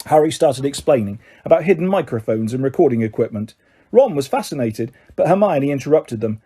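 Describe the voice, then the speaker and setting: A man reading a novel aloud as an audiobook narrator, in steady, measured storytelling. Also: mid-range voice, husky. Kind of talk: scripted narration.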